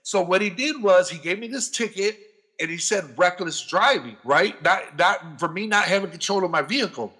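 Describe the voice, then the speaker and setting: Male podcast guest, bright and fairly high voice, animated storyteller who swears freely. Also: normal speed. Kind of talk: casual profane storytelling.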